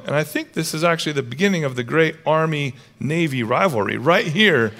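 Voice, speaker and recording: Animated man preaching a sermon. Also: a little high, brisk. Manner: animated storytelling, acts out characters with raised voice. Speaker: pastor.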